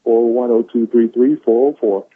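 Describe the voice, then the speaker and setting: A man's voice: mid-range voice, level tone, brisk, husky, dry recording. A man giving an enthusiastic, preachy motivational talk on a conference call, repeating lines for emphasis. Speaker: caller sharing quotes of the day. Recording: tinny phone line.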